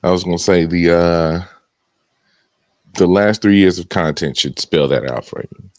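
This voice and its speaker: A man's voice: sits low, unhurried, no room sound. A man in casual conversation, blunt and sardonic, chuckling as he makes his points. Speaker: co-host. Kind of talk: casual chat.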